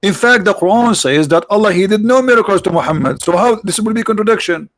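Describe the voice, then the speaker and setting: A man's voice: high voice, expressive, quick pace, fairly bright tone, no room sound. A man hosting a livestream, giving mocking, sarcastic religious debate commentary in broken English. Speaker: livestream host.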